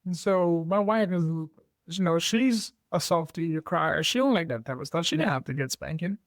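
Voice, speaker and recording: A man's voice: a little high, moderate pace, no room sound, studio quality. A middle-aged man hosting a podcast, chatting casually and joking about his own parenting. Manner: relaxed, joking, chuckles through his stories. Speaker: podcast host. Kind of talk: casual chat.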